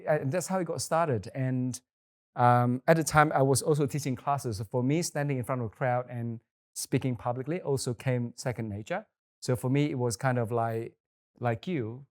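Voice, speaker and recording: A man from Indonesia talks loosely in a casual podcast chat. He works as a wedding celebrant and wanders through his stories with restarts and filler phrases, his pitch sitting at an ordinary middle height. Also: darkish tone. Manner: chatty, rambling with restarts and "you know".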